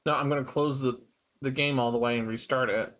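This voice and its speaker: Medium-pitched and fairly quick, he chats casually while co-op streaming a farming game with a friend. He laughs a lot and keeps restarting his sentences in a relaxed way.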